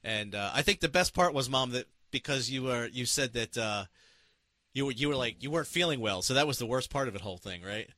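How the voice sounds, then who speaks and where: A man casually telling a story and reading comments, animated and profane, with many restarts and laughs. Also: mid-range voice, brisk, no echo.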